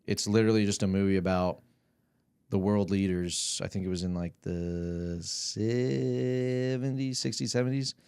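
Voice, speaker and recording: Deep-voiced young man, rambling and profane. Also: unhurried, mellow, clean tone, dry recording. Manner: rambling, profane, laughs through stories. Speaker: podcast guest. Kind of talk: casual chat.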